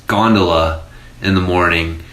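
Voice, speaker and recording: A man in his forties telling stories in casual podcast chat, animated and laughing, with free swearing. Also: sits low, unhurried, echoey room. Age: 40s. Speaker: podcast host.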